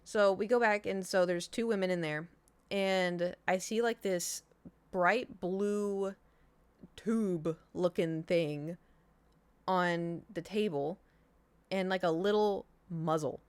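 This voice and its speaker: A woman's voice: lowish voice, slow pace, clean tone, no echo. A young woman streamer telling a long personal story in casual chat, rambling with many fillers and restarts.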